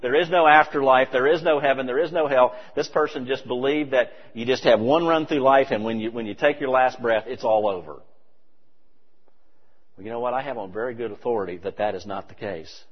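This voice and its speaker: A man preaching a sermon, animated and emphatic with conversational asides. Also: medium pitch, fairly quick, husky. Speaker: pastor. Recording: dull, reverberant hall recording.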